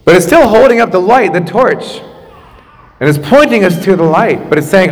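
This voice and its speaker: A man pastor in his thirties preaches in a casual, chatty way, full of asides and restarts. His voice sits a little high for a man. It rings out with the long reverb of a church hall. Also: animated, normal speed. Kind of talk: sermon. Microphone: makeshift microphone after the main one broke.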